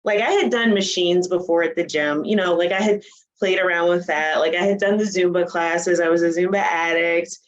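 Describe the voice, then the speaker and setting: A woman's voice: lowish voice, moderate pace. Chatty woman in her 40s, laughs a lot, acts out what people said, kinda lo-fi sound. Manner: animated, laughs often, acts out quoted voices. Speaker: guest, bodybuilding coach. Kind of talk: casual interview storytelling.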